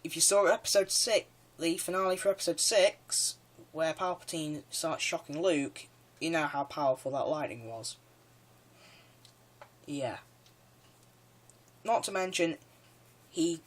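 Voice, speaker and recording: Eager man rambling through a countdown. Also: fairly high pitch. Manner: rambling and eager, with frequent "yeah" and restarts. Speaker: video creator. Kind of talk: casual countdown commentary.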